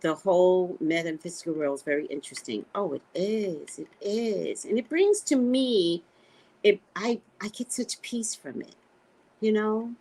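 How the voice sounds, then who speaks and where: An American woman hosting a casual livestream, chatting with viewers and telling stories in a playful, profane, animated way. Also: measured pace, poor audio. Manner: animated storytelling with sharp pitch jumps, profane and playful. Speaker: psychic and livestream host. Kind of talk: casual livestream chat reading comments.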